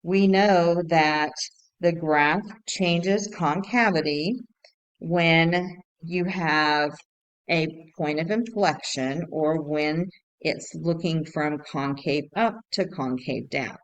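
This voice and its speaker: A woman's voice: low voice, takes it slowly, clear, resonant tone, lo-fi sound. A woman teacher talking students through math notes patiently, repeating key points and thinking aloud with fillers. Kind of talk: recorded lesson walkthrough.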